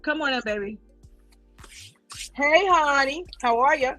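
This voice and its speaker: A woman's voice: sits high, lively intonation, a little slow, bright, forceful tone, faint music behind. A woman hosting a casual live stream, upbeat and greeting viewers one by one. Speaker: livestream host. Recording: dull, lo-fi stream audio.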